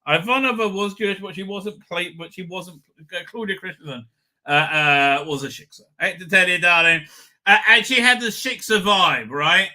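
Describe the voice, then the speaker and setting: A middle-aged man hosts a casual livestream, chatting off the cuff with his viewers. His voice is very bright and sits slightly high. He rambles through comments, full of fillers and restarts, with an irreverent streak. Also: normal speed. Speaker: livestream host. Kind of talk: casual live chat reading viewer comments.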